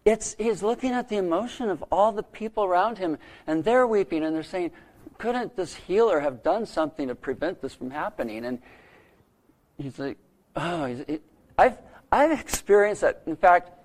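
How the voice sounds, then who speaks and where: A middle-aged man preaching a sermon, telling a story earnestly with dramatic pauses. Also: high-pitched, animated, a little mellow. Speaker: pastor.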